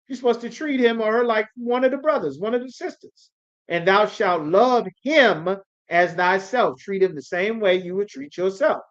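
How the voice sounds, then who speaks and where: A man's voice: high-pitched, expressive, normal speed, a bit bright. A man teaching a scripture class in an emphatic, sermon-like way, often checking that his listeners understand. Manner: emphatic, repeatedly asks "you understand?". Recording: dull lo-fi recording.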